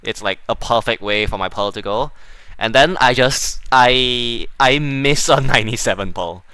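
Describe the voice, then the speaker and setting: A man's voice: mid-range voice, moderate pace, sharp tone, smooth, no echo. A young man giving casual, self-mocking commentary over his own gameplay. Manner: offhand, self-mocking, chuckling. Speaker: gamer.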